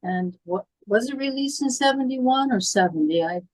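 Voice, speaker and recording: A woman's voice: on the high side, animated, normal speed, a little mellow, no room sound, poor audio. A woman in her seventies from the Midwest with a Midwestern American accent and polished, stage-trained diction, chatting as a guest in a podcast interview. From Illinois, US Midwest. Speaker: guest, horror film actress.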